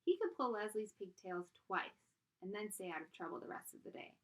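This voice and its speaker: A woman reading a children's book aloud as storyteller, in an expressive, animated way. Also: medium pitch, a little fast.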